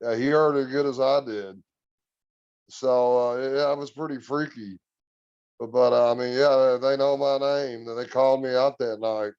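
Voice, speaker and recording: A man guest on a podcast, telling a story in an earnest, relaxed, drawn-out way. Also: medium pitch, clean tone, no room sound, highs cut off. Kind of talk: casual storytelling.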